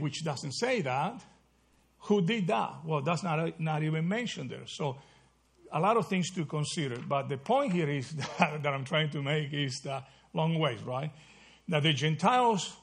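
A man with a slightly high, creaky, husky voice leads a Bible study like a conversational sermon. He often checks in with his listeners using "okay?" and "right?" and corrects himself mid-phrase.

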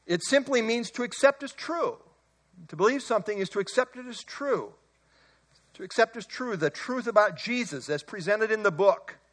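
A man preaching an expository sermon, emphatic, slowing and rising on key words. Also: high-pitched, pushed and bright.

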